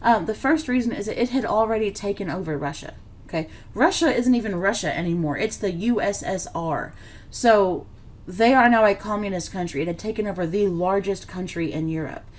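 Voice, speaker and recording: A woman's voice: medium pitch, brisk. A woman teaching a history lesson in a casual, conversational way, full of fillers and check-ins, a bit tired and yawning. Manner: conversational, filler-heavy, checks in with "okay" and "right". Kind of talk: classroom lecture on slides.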